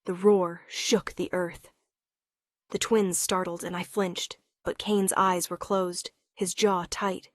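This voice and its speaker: Female storyteller for a romance tale. Low, flat, measured, dry recording. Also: no echo. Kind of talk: first-person romance story narration.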